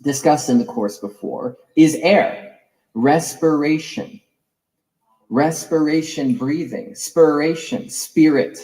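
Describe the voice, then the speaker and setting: A man's voice: a little high, animated, slow, dark tone, rough recording. A man giving a reflective, digressive lecture as a course teacher, musing over the roots of words.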